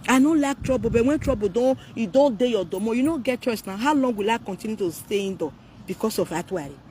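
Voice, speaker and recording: A man's voice: extremely high pitch, expressive, quick pace, a little mellow, a little hiss or hum. A man with a Nigerian accent talking to viewers on a live stream, ranting animatedly and mixing Pidgin, Yoruba and English.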